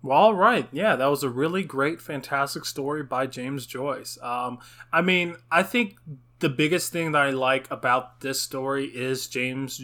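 A young man talks slowly and hesitantly in a casual chat about a story. His voice is bright and forceful, and he keeps restarting his sentences. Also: medium pitch. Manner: hesitant, many fillers and restarts. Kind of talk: casual literary discussion.

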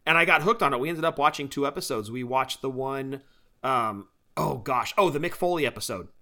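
Chatty co-host, male, bright and eager, upbeat casual podcast talk. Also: mid-range voice, expressive, a little fast. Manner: enthusiastic, chatty, laughs often. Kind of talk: casual chat.

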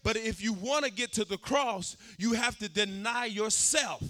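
High, bright sing-song preacher man. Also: a little slow. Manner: sing-song preaching cadence, swelling louder on key points. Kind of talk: sermon.

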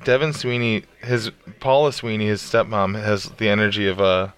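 A man's voice: on the low side, steady tone, clean tone. A man trading crude jokes on a casual podcast, riffing loosely and slipping into brief silly voices as he goes. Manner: joking, puts on quick silly voices. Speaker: podcast co-host.

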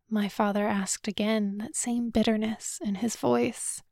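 A woman narrating a novel in the first person, with a measured, subdued, solemn reading. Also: fairly high pitch, little pitch movement, vocal fry, no room sound, studio quality. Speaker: audiobook narrator.

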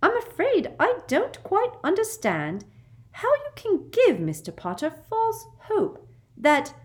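A woman's voice: very high voice, huge pitch swings, slow pace, pitched above the performer's own voice, heavily acted. A woman voicing a simpering, falsely sweet middle-aged witch official in an audiobook, with a honeyed, faux-polite voice. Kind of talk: audiobook character voice.

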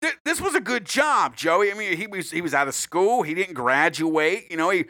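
A man's voice: high voice, animated, normal speed, sharp tone, dry recording. A man co-hosting a casual true crime podcast, a profane, rambling joker who is a little tipsy from drinking, on a close podcast mic. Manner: profane, joking, rambling storyteller. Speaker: podcast co-host.

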